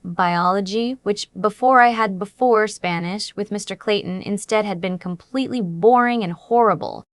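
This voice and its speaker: A woman reads a first-person romance story aloud, earnest and dramatic in her telling. Her voice sits at a middle pitch, and the recording is close and dry. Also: normal speed, few pauses, no room sound. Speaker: audiobook narrator.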